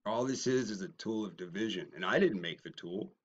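A man's voice: expressive, a little fast, muffled recording. Man ranting in a mocking callout video. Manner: mocking, swings from low muttering to shouting. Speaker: YouTuber. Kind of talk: confrontational response video rant.

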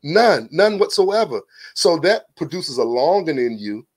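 A man's voice: fairly high pitch, sing-song, a little slow, slightly rough. A man, a podcast guest, telling a personal story in a casual, earnest way, often repeating words as he starts a thought. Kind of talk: casual testimony.

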